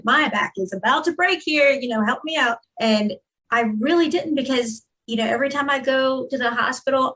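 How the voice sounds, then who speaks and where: A woman's voice: on the high side, a bit bright, rough recording. A woman giving a candid, earnest personal testimony as a guest in an interview, with frequent fillers.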